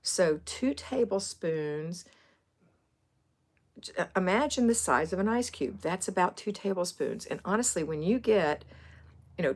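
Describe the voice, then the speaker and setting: A middle-aged woman from Florida hosting a homemaking livestream, chatting casually and rambling as she answers viewers' comments. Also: on the low side. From Florida, USA.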